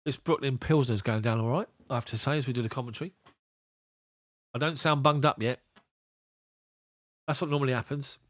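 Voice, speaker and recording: A man's voice: mid-range voice, fairly quick, pauses often, no echo. A man commentates on a match live for his viewers, chatty and rambling. He reads their messages out and answers them by name. His mid-range voice is recorded close and dry at a desk mic. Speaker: fan commentator reading live chat.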